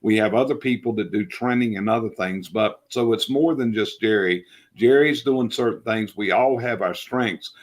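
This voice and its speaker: Man, North Carolina Southern accent, middle-aged, blunt, folksy, medium pitch. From North Carolina, Charlotte area. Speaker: business coach guest. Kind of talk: casual interview chat.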